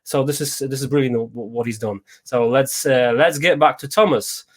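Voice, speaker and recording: A man hosting a casual live-stream chat over a video call, who talks in a relaxed way and often restarts his phrases. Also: medium pitch, normal speed. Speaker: host.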